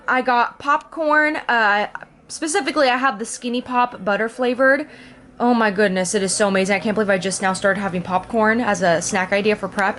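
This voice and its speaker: A bubbly young woman chats casually to her handheld camera at home, her voice pitched in a middle range. She rambles in a friendly way, full of "dude" and "like". A faint hiss sits behind her voice. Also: a bit bright. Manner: chatty, bubbly, laughs often, says "dude". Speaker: vlogger and bodybuilding competitor. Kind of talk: casual vlog chat.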